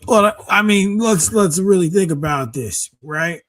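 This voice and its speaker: A man's voice: high voice, measured pace, fairly bright tone, no echo. A man in casual sports chat, talking things through in a questioning way.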